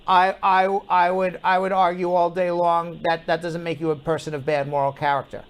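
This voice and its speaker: A man's voice: a little high, flat delivery, moderate pace, few pauses, clear, resonant tone. A man hosting a live call-in legal advice show, blunt and firm with callers, often repeating himself.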